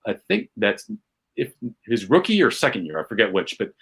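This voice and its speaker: Excitable man telling a sports story. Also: on the low side, fairly quick, gravelly, slightly rough. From Chicago, USA. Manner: animated, builds tension, self-mocking. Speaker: podcast guest, comedian. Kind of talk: casual storytelling chat.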